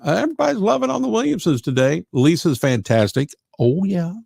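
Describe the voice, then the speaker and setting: Man hosting live radio, gravelly and chatty, quick with thanks and amens, dry close mic. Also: high voice, big pitch swings, darkish tone, dry recording. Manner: chatty and effusive, with frequent thanks and "amen". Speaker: radio host. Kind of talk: live radio chat reading out listener comments.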